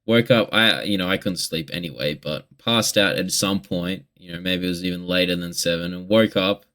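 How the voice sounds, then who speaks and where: A man's voice: low-pitched, moderate pace, bright, forceful tone. A young man in a casual confessional vlog monologue, rambling and candid with heavy swearing. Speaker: vlogger.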